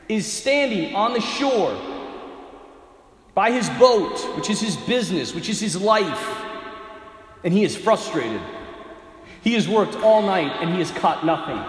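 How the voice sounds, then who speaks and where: Animated preacher with a booming hall echo. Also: male voice. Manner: dramatic storytelling, swinging from loud to hushed. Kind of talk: sermon. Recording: echoey hall with long reverb.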